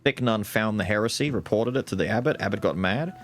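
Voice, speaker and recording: A man giving casual, animated let's-play commentary, thinking aloud and swearing casually. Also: on the low side, quick pace, faint music behind. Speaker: gaming YouTuber.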